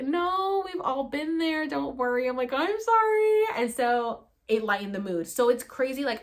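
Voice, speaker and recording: Animated young woman telling a story. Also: medium pitch. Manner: animated, acts out quotes with sudden loud bursts; swears freely, lots of "like". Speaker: vlogger. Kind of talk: casual storytelling to camera.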